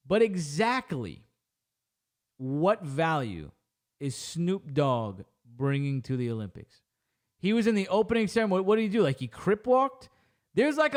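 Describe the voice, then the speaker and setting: A man hosting a podcast, ranting sarcastically in disbelief and filling his talk with "like". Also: a little high. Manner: incredulous, sarcastic, lots of "like" fillers. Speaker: podcast host. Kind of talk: ranting commentary.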